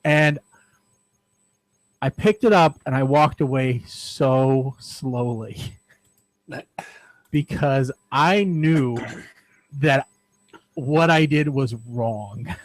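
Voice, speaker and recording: A man's voice: a little high, no echo, poor audio. A man in his forties co-hosting a casual radio show, telling a childhood story in a rambling, self-deprecating way. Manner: rambling, self-deprecating, frequent "all right". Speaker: podcast co-host.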